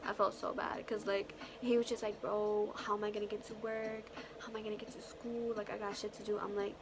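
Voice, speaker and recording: A young woman vlogger telling a story casually, animated and profane, full of slang and acted-out quotes. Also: mid-range voice, a little fast, background noise.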